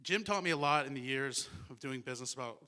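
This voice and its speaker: A man's voice: mid-range voice, fast, pushed and bright. A man speaking at a memorial service, recalling a friend in a heartfelt eulogy and acting out the dialogue of a remembered dream. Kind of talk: memorial speech.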